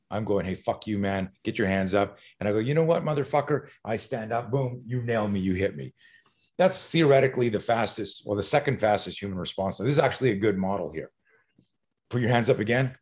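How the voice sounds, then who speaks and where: A middle-aged man, a self-defense instructor, talking as a podcast guest in an animated, profane way, acting out fight scenarios. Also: on the low side.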